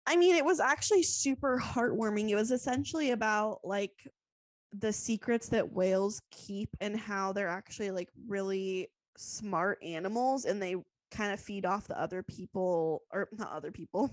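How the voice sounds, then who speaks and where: A woman's voice: mid-range voice, moderate pace, no echo. A woman co-hosting a podcast, chatting in a rambling way full of "like" and "um". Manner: rambling, lots of "like" and "um". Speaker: podcast co-host. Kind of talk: casual chat.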